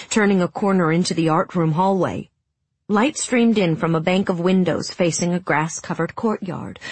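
A woman narrating a story in a hushed, emotive reading that sinks to near whispers, with a breathy voice. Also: on the low side, no room sound. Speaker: audiobook narrator. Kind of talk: scripted narration.

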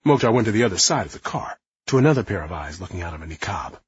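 Man, audiobook narration, expressive, very husky, dull dry sound. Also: low-pitched, quick pace, no echo. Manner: lively, acting out quotes.

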